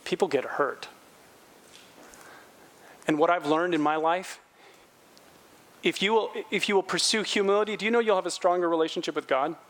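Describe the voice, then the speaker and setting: With long pauses and a normal speaking speed, this middle-aged pastor delivers an animated sermon. He dramatizes quotes by raising his voice, then drops low and quiet on his sincere points.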